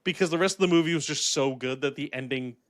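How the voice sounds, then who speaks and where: A man with a slightly high voice co-hosts a casual podcast chat. He talks in an animated, rambling way, peppered with fillers and frequent laughs. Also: fast talker. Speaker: podcast co-host reviewing a film.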